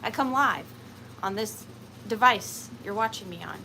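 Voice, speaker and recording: A woman's voice: mid-range voice, unhurried, pushed and bright, a little hiss or hum, rough recording. A woman from Georgia, hosting a casual livestreamed vintage and antique sale. She chats in a rambling way, laughs often and uses lots of fillers. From Georgia, USA.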